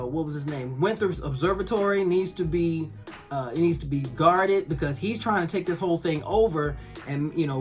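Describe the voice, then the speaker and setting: A woman reviewing a TV episode in a casual, animated way, swearing and acting out the characters' lines. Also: fairly low pitch.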